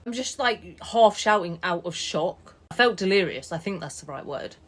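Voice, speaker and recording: Young woman, vlog storyteller, lower voice, lively and indignant telling of a personal story. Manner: animated, indignant retelling with quick asides. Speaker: TikTok storyteller.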